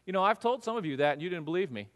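Male pastor, high and very animated delivery, sermon in a reverberant church hall. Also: very fast. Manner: animated storytelling, acts out voices.

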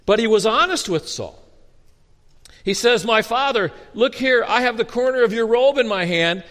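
A man preaching a sermon as a pastor, animated and storytelling with humor, often restarting his words. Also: extremely high pitch, moderate pace. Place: church sanctuary. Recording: long reverb of a hall.

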